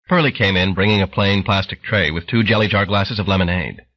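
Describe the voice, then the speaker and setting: A man's voice: low voice, fairly quick, hardly any pauses, lo-fi sound. A man narrating an audiobook in dramatic storytelling fashion. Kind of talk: scripted narration.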